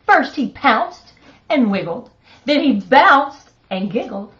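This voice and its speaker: A woman's voice: high-pitched, very animated, takes it slowly, a bit bright. A middle-aged woman hosting a live stream, cheerfully reading a picture book aloud and chatting with a chuckle. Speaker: host reading a children's book. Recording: dull, muffled sound.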